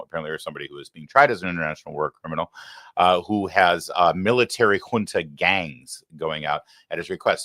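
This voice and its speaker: A man's voice: deep voice, pushed and bright, no room sound. A man hosting a live political commentary show, talking in a sarcastic, heated and combative way into a close studio mic. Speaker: political talk show host.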